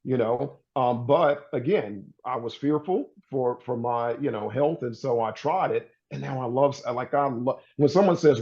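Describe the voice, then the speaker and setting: A laid-back man, a plant-based recipe creator, talking as a guest in a conversational interview, getting animated when excited. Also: medium pitch, moderate pace, few pauses, lo-fi sound.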